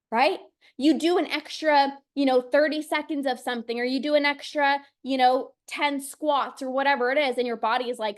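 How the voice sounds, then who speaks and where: A woman's voice: high-pitched, normal speed. A young woman coaching live on binge eating, talking with energy and acting out inner voices. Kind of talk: motivational live-stream talk.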